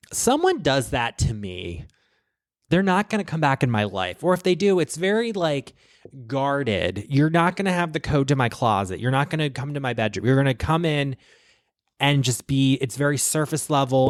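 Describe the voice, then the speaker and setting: A man's voice: a little high, no echo, clean studio sound. A man from Baltimore hosting a podcast, recapping reality TV in a gossipy, profane way. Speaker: podcast host. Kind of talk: casual chat. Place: small podcast studio.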